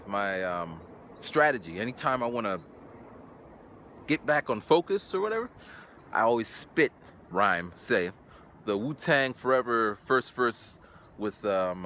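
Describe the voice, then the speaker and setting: A man in his forties telling a story in a casual vlog, animated, and acting out sounds and voices. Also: slight background noise. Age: 40s. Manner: animated, acts out sounds and voices with big pitch jumps. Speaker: English teacher in Japan.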